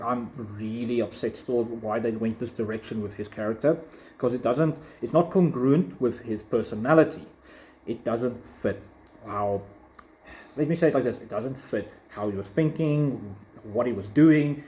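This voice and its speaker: A man's voice: medium pitch, darkish tone. A man giving a casual, opinionated video review, rambling with frequent fillers. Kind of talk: casual commentary.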